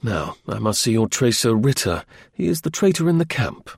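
Storybook role: stern commanding detective, gravelly and husky, read by a man. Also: medium pitch, big pitch swings, no echo, studio quality, heavily acted. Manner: stern, measured. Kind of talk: audiobook reading.

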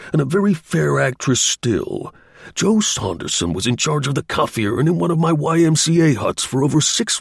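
A brisk, shrewd middle-aged gentleman talks bluntly and genially, as a male narrator plays him. His pitch moves a lot within a phrase, and his voice has a gravelly, husky texture. The sound is dry and close. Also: no room sound, exaggerated voice. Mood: hard.

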